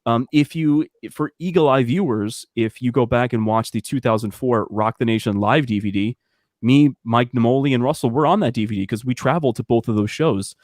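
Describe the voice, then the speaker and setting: A man's voice: mid-range voice, a little fast, a little mellow, no echo. A man chatting on a casual talk show, telling stories with lots of restarts and asides. His voice is in a middle range and sounds dry and close. He is on a video call. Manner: chatty storyteller, many restarts. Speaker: guest. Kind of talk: casual chat.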